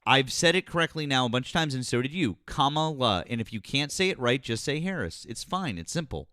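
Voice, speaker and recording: A man hosting a call-in politics show, blunt and forceful, repeating himself and swearing as he corrects a caller. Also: medium pitch, expressive, fairly quick, no echo, studio quality. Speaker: show host. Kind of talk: heated call-in argument.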